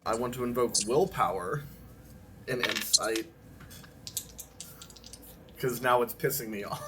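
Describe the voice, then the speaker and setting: A man's voice: mid-range voice, unhurried. Casual male tabletop player, faint noise. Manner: laughing, swearing casually.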